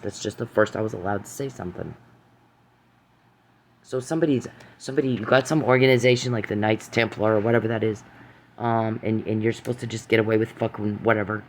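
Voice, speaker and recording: A man's voice: lowish voice, a little hiss or hum. Profane, ranting man with restarts. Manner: profane, accusing, repeats phrases, stammering restarts. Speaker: vlogger. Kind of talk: angry rambling rant to camera.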